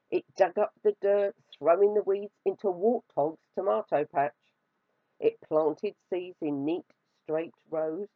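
A woman reading a children's storybook aloud, expressive and drawing out words for effect. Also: on the low side, dry recording. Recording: dry, slightly dull recording.

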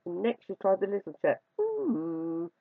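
A storyteller reading a fairy tale aloud with lively, swooping pitch. The voice has a gravelly edge and stretches out words for effect. The recording is dry and slightly dull. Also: no room sound. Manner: expressive, drawn-out storytelling.

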